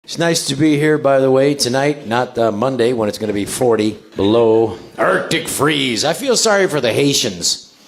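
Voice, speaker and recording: A man's voice: mid-range voice, animated, moderate pace, in a large hall. A male stand-up comedian doing a wry, mocking set live on stage. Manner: wry, mocking, puts on voices for jokes. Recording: live club recording with loud crowd noise.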